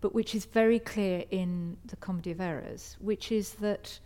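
A woman's voice: medium pitch, fairly even intonation, moderate pace, warm tone. A woman hosting a panel discussion before an audience, asking academic, probing questions with hesitant restarts. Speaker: panel host.

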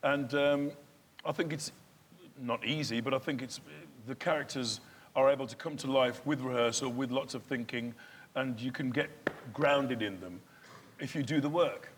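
A man's voice: medium pitch, moderate pace. Middle-aged man, actor guest, chatty playful talk, live theatre stage, faint background noise. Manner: chatty and playful, bursts into animated recitation. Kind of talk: casual on-stage conversation. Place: large theatre, live audience event.

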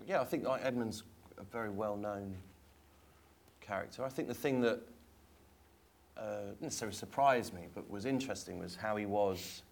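A man's voice: on the low side, normal speed, vocal fry. A man, an actor, speaking on a stage panel in a hesitant, thoughtful way with many fillers. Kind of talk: panel discussion.

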